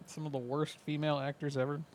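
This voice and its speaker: A man's voice: on the high side, little pitch movement, fast. A young man co-hosting a podcast in casual chat, tossing in short, dry, teasing remarks. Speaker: podcast co-host.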